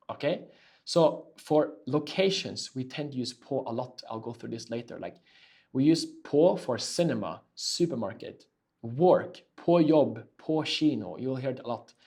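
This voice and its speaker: A man teaching a casual language lesson. He says key phrases slowly and repeats them, then explains quickly. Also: mid-range voice, creaky, a little mellow.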